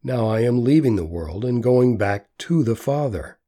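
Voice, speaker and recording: A man voicing a gentle, solemn male teacher who speaks in a slow, measured way. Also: medium pitch, expressive, natural voice.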